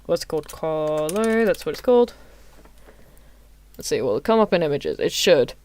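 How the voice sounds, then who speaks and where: A woman's voice: low voice, expressive, normal speed, darkish tone. A woman streaming a casual anime watchalong, chatting and giggling with her chat in rambling asides. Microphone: desk mic adjusted mid-stream.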